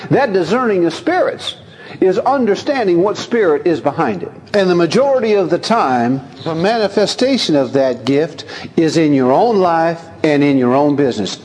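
A man preaching in a church sanctuary, his voice sitting fairly high for a man. He reads scripture aloud, then explains it in a folksy, joking manner and chuckles between points. The sound carries a long reverb tail from the hall. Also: darkish tone. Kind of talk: sermon with scripture reading.

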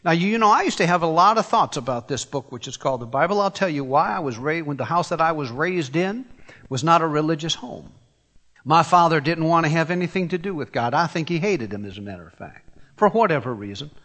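An older man from Tennessee preaching a sermon, emphatic, firing rhetorical questions and climbing in pitch as he presses a point. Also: animated, a little fast, fairly bright tone, long reverb tail. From Tennessee, USA.

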